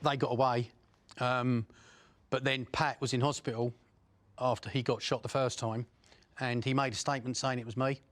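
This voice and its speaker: A man's voice: medium pitch, level tone, fairly bright tone, dry recording. Blunt man recounting his past. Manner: blunt, profane storytelling with frequent pauses and fillers. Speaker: former criminal interviewee. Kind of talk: first-person recollection.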